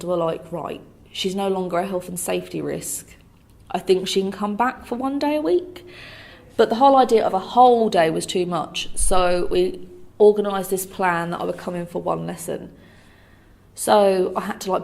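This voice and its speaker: A young woman telling her own story to camera in a lively way, acting out what other people said. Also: lowish voice, gravelly. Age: young adult.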